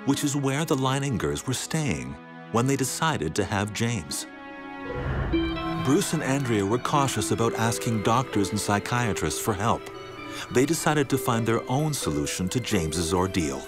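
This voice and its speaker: A man giving measured, dramatic scripted narration for a documentary. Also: medium pitch, sing-song. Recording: music bed underneath.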